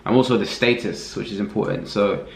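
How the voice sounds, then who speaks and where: A man giving a casual screen-recorded walkthrough as a reviewer, relaxed and thinking aloud with many fillers. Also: lowish voice, brisk, vocal fry. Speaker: affiliate marketing reviewer. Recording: roomy echo.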